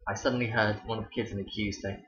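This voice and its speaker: A man's voice: lowish voice, fairly even intonation, fast, very noisy. A young man, a teacher, telling stories in a chatty, wry vlog. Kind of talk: casual storytelling vlog. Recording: dull roomy home recording.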